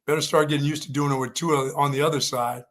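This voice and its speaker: A man's voice: fairly high pitch, fairly even intonation, quick pace, a bit bright. A man co-hosting a sports talk show, chatting casually in a rambling, folksy way that often repeats itself. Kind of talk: casual sports radio chat.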